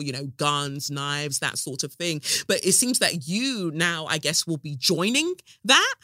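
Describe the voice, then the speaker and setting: A woman's voice: deep voice, bright, forceful tone, dry recording, studio quality. A woman hosting a solo podcast, irreverent and sarcastic, swearing freely in casual satirical chat.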